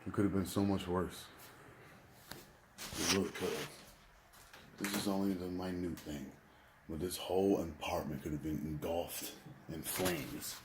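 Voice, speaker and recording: A man's voice: sits low, fairly even intonation, measured pace, long pauses, noisy background. A man talking candidly and at length in a casual vlog, rambling and confessional.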